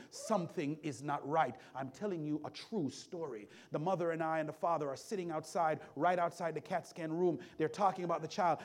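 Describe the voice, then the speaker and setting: In his sermon, a man whose voice is a touch high shares an experience from working as a hospital chaplain, moving from quiet to loud through recurring crescendos.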